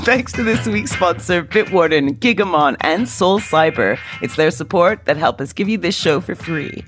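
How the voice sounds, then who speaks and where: A woman's voice: lowish voice, lively intonation, moderate pace, soft background music. A woman co-hosting a podcast, chatting casually and laughing often. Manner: giggly and warm-humoured. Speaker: podcast co-host. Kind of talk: casual chat.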